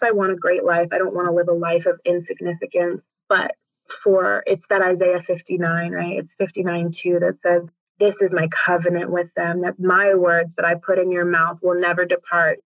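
A woman's voice: fairly low pitch, fairly bright tone, dry recording. Earnest woman, dull dry audio. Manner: earnest, encouraging, with bursts of laughter. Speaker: podcast guest. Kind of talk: faith-based conversation.

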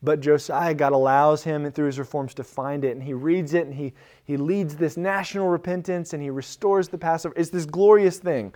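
A man's voice: on the high side, moderate pace, a little mellow. A man preaching a sermon as a pastor, in a casual, conversational manner with frequent fillers and restarts.

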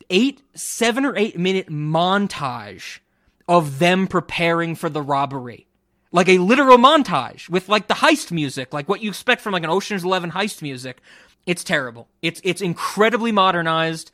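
A young man hosting a casual podcast, giving a blunt, profane, animated review of a film. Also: high voice, dry recording, studio quality. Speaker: podcast host. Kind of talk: casual chat.

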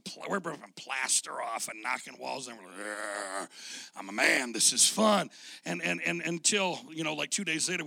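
Middle-aged guy pastor, super scratchy gravelly voice, sharp tense sound, preaching folksy stories, dry close sound. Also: on the high side, no echo. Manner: folksy storytelling with frequent word repeats. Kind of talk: sermon.

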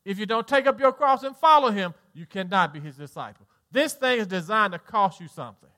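High, bright Southern preacher man. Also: lively intonation, a little fast. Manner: preaching with swings between soft low lines and loud high exhortation; folksy, jokes with the congregation. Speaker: pastor. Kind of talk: sermon.

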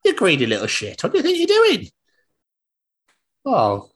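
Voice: mid-range voice, huge pitch swings, normal speed, pitched above the performer's own voice. A podcast host voicing two garden birds who bicker and swear over a bird feeder. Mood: squabbling. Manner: petty, indignant, sweary. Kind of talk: improvised comedy bit.

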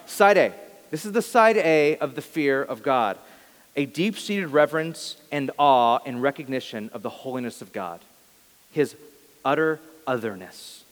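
A man's voice: medium pitch, long reverb tail. A male pastor giving a sermon, talking in an earnest, conversational way and often correcting himself mid-sentence.

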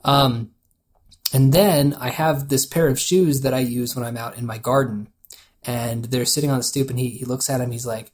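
A man's voice: medium pitch, steady tone, normal speed. A man co-hosting a podcast, casually telling a story, laughing often and quoting people in a loose voice. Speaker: podcast co-host.

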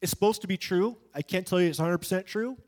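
A high-pitched man preaching an evangelistic sermon. He talks in an emphatic, conversational way and slips into little character voices when he tells a story. His delivery lifts and drops sharply for effect. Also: fast. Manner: emphatic and conversational, acts out quoted voices in anecdotes.

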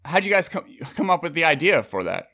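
A man in his thirties hosting a casual podcast, excitable and jokey, swearing casually as he chats with guests. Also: on the high side, fairly quick. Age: 30s. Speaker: podcast host.

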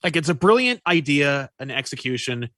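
Lively bright-voiced man chatting. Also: on the high side, moderate pace, no echo, clean studio sound. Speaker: podcast co-host. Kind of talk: casual chat about comics.

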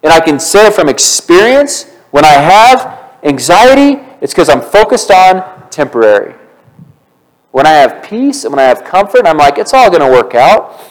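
A male pastor preaching a sermon in church, animated and conversational, asking the congregation questions. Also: a little high, normal speed, low-quality recording.

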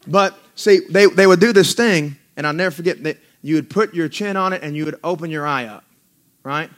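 High-voiced preaching man. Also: a bit bright. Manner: preaching with rising emphasis and slow, drawn-out punchlines; conversational asides with self-deprecating laughs. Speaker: pastor. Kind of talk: sermon.

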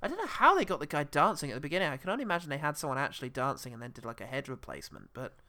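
A man's voice: on the high side, very animated, rapid-fire, sharp tone. A man co-hosting a casual film review podcast, chatty and laughing often, trailing off mid-sentence. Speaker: podcast co-host.

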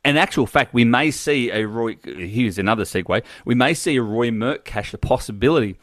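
A man's voice: medium pitch, animated, normal speed, a bit bright, no echo, clean studio sound. A man hosting a casual chat, rambling and laughing easily as he talks. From Australia. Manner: chatty, laughs often, rambling restarts. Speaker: podcast host.

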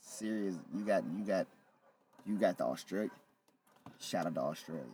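A man in casual podcast chat, relaxed and slangy, with many fillers. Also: low-pitched, slight background noise. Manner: laid-back, slangy, drawn-out fillers.

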